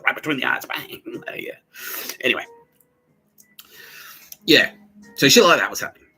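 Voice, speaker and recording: A man's voice: mid-range voice, expressive, normal speed, pushed and bright, soft background music, rough recording. An Australian man hosting a podcast, telling a rambling, crude story full of swearing and muttered asides. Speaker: podcast host. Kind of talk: rambling profane monologue.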